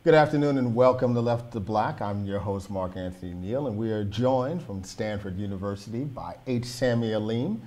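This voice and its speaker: A man's voice: on the low side, moderate pace, hardly any pauses, darkish tone, soft background music. A man hosting an academic talk show, chatting conversationally with frequent "you know" and "right". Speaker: host.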